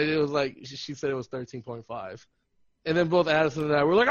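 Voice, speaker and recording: A man's voice: fairly high pitch, fairly quick, no echo, dull audio. A man telling a funny story in casual podcast chat, laughing and acting out what people said. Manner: animated, laughing, acts out quotes. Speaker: podcast host.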